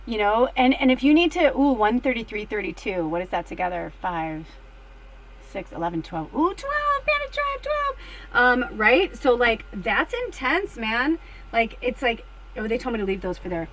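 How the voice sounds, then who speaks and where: A woman's voice: fairly high pitch, normal speed, slight background noise, poor audio. A middle-aged woman who works as a spiritual medium, telling a personal story to her viewers in a candid, chatty way and swearing freely. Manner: chatty and candid, swears freely, gets excited and shrieks when retelling.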